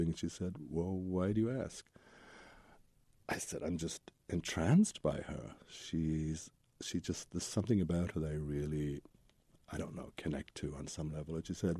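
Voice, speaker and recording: A man's voice: low voice, dark tone, husky, no room sound. A man, a Zen Buddhist teacher, telling his own story as an interview guest in a candid, rambling way with tumbling lists of memories.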